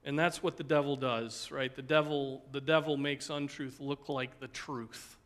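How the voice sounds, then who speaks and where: A man's voice: mid-range voice, steady tone, moderate pace, fairly bright tone. A man, a pastor, teaching a Sunday school class in an earnest sermon style. He often checks in with the listeners with "right?" and "okay?" and ends by praying aloud. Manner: ends in a spoken prayer.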